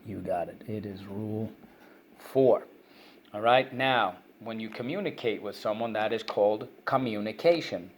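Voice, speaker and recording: Man drilling phonics, low voice. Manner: brisk, repetitive drilling, prompts and praises listeners. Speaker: phonics teacher. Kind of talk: online reading lesson for kids.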